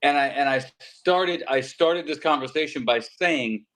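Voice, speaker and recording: A man's voice: fairly high pitch, unhurried, fairly bright tone, slight background noise. A man in a debate who keeps pushing back and asks for the facts in order. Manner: pushes back, insists on the timeline. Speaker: panel speaker. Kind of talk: heated debate.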